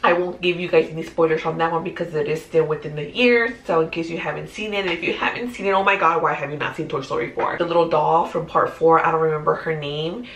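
A woman in her thirties chatting casually through a movie countdown, animated and full of fillers. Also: low-pitched, fast, hardly any pauses, a little hiss or hum. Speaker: movie vlogger. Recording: roomy echoey room.

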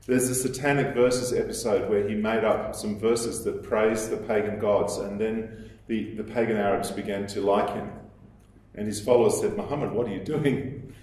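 A man with a lowish voice delivers a lecture in a strongly echoing room. He explains at a measured pace, quoting texts and pausing on the odd filler. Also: steady tone, darkish tone. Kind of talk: recorded lecture. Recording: very echoey room.

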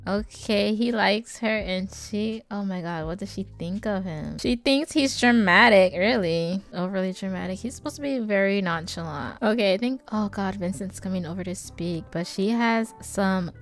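A woman chatting casually as she comments on her own gameplay, playful and prone to sudden loud exclamations. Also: mid-range voice, normal speed, hardly any pauses, faint music behind. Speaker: gaming YouTuber.

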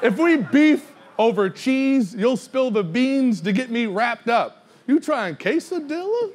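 A man battle rapping at a live event, mocking his opponent loudly and laughing through his lines. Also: very high-pitched, very animated, a little slow. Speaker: battle rapper. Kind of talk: battle rap performance. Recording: noisy live crowd recording.

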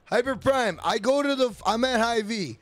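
High-voiced, foul-mouthed male streamer. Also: normal speed, no echo. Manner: profane, rambling storyteller greeting chat by name. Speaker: livestream host. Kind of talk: casual livestream chat.

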